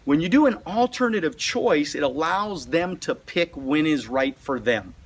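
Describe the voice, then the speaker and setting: A male sales trainer giving a motivational lesson, animated and often repeating words as he pushes his point. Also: on the high side, normal speed. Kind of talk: motivational teaching.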